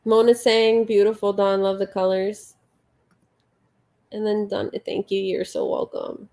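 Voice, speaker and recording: Measured in pace, with little pitch movement, her medium, slightly mellow voice guides a casual late-night livestream. The host crochets, softly counts stitches, and reads out viewers' comments as she chats.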